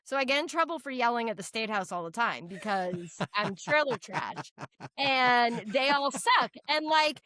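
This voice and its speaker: A woman from New Hampshire, a state legislator, telling stories in a blunt, profane, animated way during a casual podcast chat. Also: a little high, moderate pace. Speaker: state representative guest.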